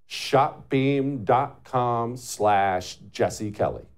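A man hosting a political talk show, lively and mocking, laughing often. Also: mid-range voice, drawn-out words.

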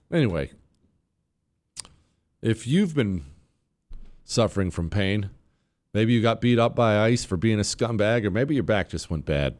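A man's voice: lowish voice, expressive, a little slow, long pauses, a little mellow. A man hosting a talk radio show, delivering a brash, sarcastic monologue.

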